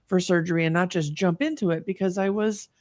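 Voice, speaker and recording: A woman's voice: fairly low pitch, steady tone, a little fast, a little mellow, dry recording. A woman in her fifties, a guest telling her personal story in an earnest, reflective way, with many fillers and restarts. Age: 50s. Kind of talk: personal story in an online talk.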